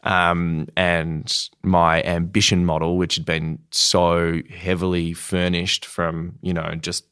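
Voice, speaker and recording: An Australian man in his thirties, telling his story frankly in a relaxed conversational way as a podcast guest. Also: low-pitched, slow pace, hardly any pauses, clean tone. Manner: relaxed, frank, laughs while telling stories.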